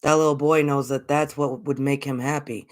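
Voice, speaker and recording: A woman's voice: rumbling low, steady tone, normal speed. An American woman hosting a spiritual channel, talking in a casual, earnest way and repeating her points for emphasis. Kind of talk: casual spiritual vlog talk.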